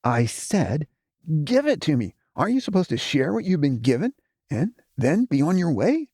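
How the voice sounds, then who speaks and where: Impatient demanding young male, man doing, raspy lively voice, storybook figure. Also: a little high, normal speed, dry recording, clean studio sound, voice pushed up. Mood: impatient, snapping. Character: agitated young male Smudge, demanding and spiteful.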